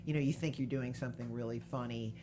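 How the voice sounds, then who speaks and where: Female podcast host, low voice, chatty and animated storyteller. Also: quick pace, background noise. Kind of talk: casual interview chat.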